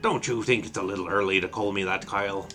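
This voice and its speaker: A man voicing a gruff, warm-hearted older father with a put-on Irish accent, reading game dialogue aloud with hearty laughs. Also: low-pitched, fairly even intonation, fast, soft background music. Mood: fatherly.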